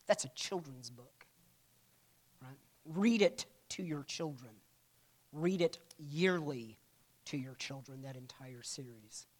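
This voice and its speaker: A church history teacher talks casually to a class, drifting into side stories and acting out the quotes. The tone stays chatty, with teasing asides, and the pitch sits in a middle range. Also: takes it slowly, long pauses. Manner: retells stories with acted-out quotes.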